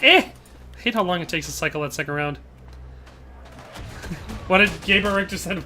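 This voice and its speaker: Male game streamer, high bright voice, rambling casual chat with viewers, desktop mic. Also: normal speed, long pauses, faint music behind. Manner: rambling, animated, laughs often, trails off and restarts. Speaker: gaming livestream host.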